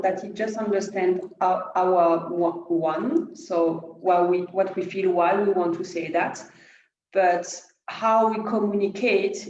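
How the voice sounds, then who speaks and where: Woman co-host far from the mic, roomy dull sound, thoughtful. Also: on the low side. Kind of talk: casual talk.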